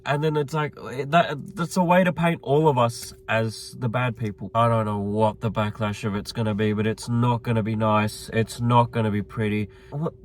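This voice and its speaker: A man's voice: mid-range voice, dry recording. A young man, vlogging to camera in an agitated, swearing way and repeating himself. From Australia. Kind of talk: reaction vlog to camera.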